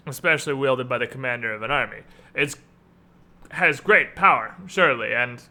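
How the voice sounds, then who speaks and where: A man voicing an earnest male army commander trained with the sword, speaking gravely and hesitantly over voice chat. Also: mid-range voice, sharp tone. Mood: worried.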